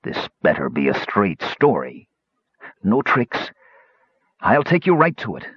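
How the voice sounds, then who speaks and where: A rough, sneering bandit chief, as a male storyteller puts him on growls out his threats in a low, husky voice that rises and falls sharply. He speaks slowly and deliberately. The storybook recording is dry and a little dull. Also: wildly swooping pitch, no echo, heavily acted. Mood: menacing. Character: cruel greedy male bandit leader, rough, menacing.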